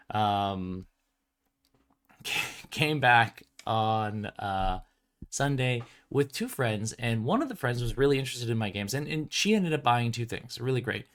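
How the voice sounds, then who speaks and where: A man who publishes tabletop games chats casually on his livestream, rambling along with lots of "um" and "like" and laughing between thoughts. His voice is lowish and a bit bright.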